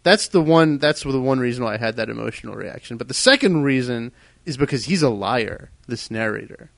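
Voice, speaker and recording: A man's voice: mid-range voice, animated, fairly quick, creaky, fairly bright tone, no echo. A man co-hosting a podcast in a casual discussion, ranting heatedly and emphatically. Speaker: podcast co-host.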